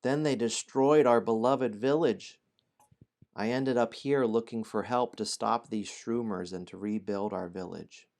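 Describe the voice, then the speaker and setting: A man's voice: lowish voice, measured pace, gravelly, darkish tone. A man voicing a small, shaken but brave gnome villager who pleads earnestly for help in a storybook adventure.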